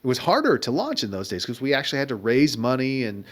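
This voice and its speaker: A man's voice: medium pitch, very animated, quick pace. A middle-aged man being interviewed as an entrepreneur, telling wry, reflective stories about his career in a conversational way. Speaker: guest entrepreneur. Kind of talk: conversational storytelling.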